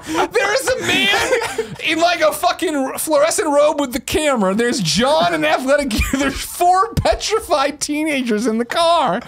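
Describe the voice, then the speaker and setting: A man's voice: very high voice, expressive, a little slow, creaky, background noise. A man in his thirties from the American Midwest, a podcast host telling a comic story with lots of laughing and swearing.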